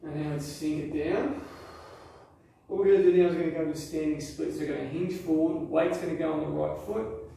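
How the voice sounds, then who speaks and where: A man's voice: fairly high pitch, fairly quick, gravelly, far from the mic. Man guiding yoga in an echoey room. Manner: calm, encouraging cues. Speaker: yoga instructor. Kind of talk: guided workout instruction.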